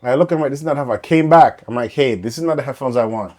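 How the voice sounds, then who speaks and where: A man co-hosting a podcast, telling animated stories in casual chat and acting out the people in them. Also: medium pitch, rapid-fire. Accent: Canadian. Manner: animated storyteller acting out customer quotes. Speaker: podcast co-host.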